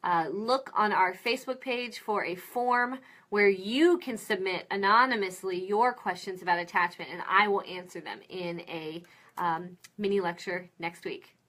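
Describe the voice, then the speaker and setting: A woman giving an informal mini lecture on parenting, explaining clearly with a friendly manner and acting out example phrases. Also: medium pitch, a little slow, fairly bright tone.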